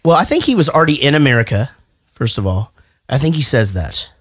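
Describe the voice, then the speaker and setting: A man's voice: medium pitch, a little fast, breathy edge, no echo, studio quality. A middle-aged man hosting a podcast, swearing freely and telling stories in a casual chat. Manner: profane, animated storyteller. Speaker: podcast host.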